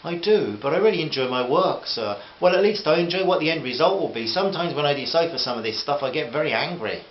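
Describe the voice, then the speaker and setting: A man's voice: a little high, lively intonation, fast talker, roomy sound, lo-fi sound, slight background noise, voice pushed up, natural voice. A man voicing a nervous young woman who speaks politely and hesitantly.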